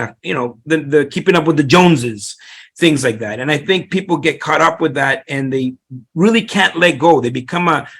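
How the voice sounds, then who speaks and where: A man's voice: mid-range voice, vocal fry, a bit bright, husky. A middle-aged man, a real estate investor, telling his story in an interview, rambling with many restarts and fillers.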